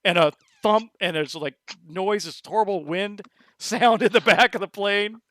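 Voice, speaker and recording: Game master, male, high bright voice, halting narration, dry close mic. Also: no echo. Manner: halting, with many restarts and acted quotes. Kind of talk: narrating a tabletop horror game.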